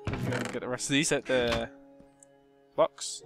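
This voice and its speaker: Casual gameplay commentary from a young gaming YouTuber who chats, teases himself, hums, and mutters as he goes. His mid-range voice is steady, creaky, and a bit bright, at normal speed with frequent pauses. Music plays in the background.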